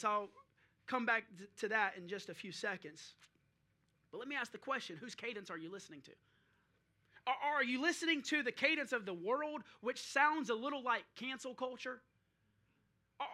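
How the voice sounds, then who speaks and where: Pastor, male, high bright tenor, preaches in rising rhetorical questions. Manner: preaching with rhetorical questions and drill-call shouts. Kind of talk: sermon.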